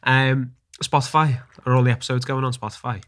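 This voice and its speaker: A co-host, mostly giving short agreeing replies in casual podcast chat. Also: female voice, rumbling low, steady tone, a little fast.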